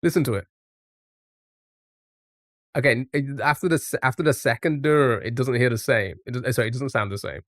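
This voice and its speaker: A man's voice: mid-range voice, normal speed, long pauses, a bit bright, dry recording. Chatty male streamer, dry sound. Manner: chatty, reacts to chat. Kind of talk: casual live-stream chat.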